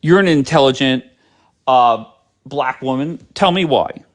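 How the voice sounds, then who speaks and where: A man hosts a live stream in an unhurried, mid-range voice. His casual chat is blunt and sarcastic, with a lot of swearing.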